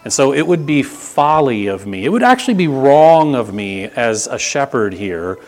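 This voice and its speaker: A middle-aged pastor giving a sermon in a church, conversational and repetitive, swinging between loud emphasis and hushed intensity. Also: male voice, mid-range voice, sing-song, moderate pace. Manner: repeats words, frequent restarts and asides to the congregation.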